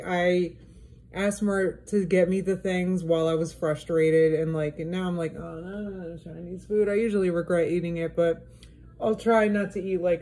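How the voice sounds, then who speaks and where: A woman's voice: lowish voice, warm tone, low-quality recording. A young woman vlogging at home in casual chat, frazzled and exasperated, talking to viewers through a handheld camera.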